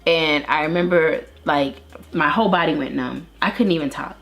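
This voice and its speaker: A woman's voice: low voice, normal speed, vocal fry, fairly bright tone, soft background music. A woman in her thirties, an interview guest earnestly telling her own story with many restarts. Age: 30s. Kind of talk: candid personal testimony.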